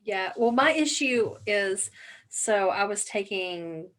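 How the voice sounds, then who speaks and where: A woman co-hosting a podcast, telling a story in casual chat, animated, with many fillers and some swearing. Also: mid-range voice, slow pace. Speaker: podcast co-host.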